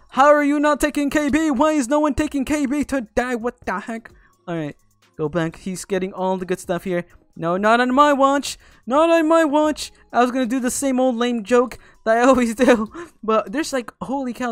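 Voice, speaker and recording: A young man giving excitable, jokey live commentary over a game, teasing the players he fights. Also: high voice, no echo. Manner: excitable, jokey, talks to opponents. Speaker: gaming YouTuber.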